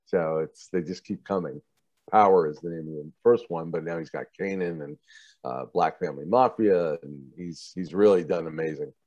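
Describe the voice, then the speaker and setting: In a dry, dull-sounding recording, a TV producer with a low voice speaks at a normal pace during an interview. He's animated as he casually shares career anecdotes, mimicking the people he quotes and laughing a lot.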